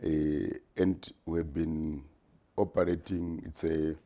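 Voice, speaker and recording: A Zimbabwean man in his sixties, a retired business executive, answers interview questions in a measured, deliberate way, pausing frequently. His pitch is extremely low, his tone level and dark.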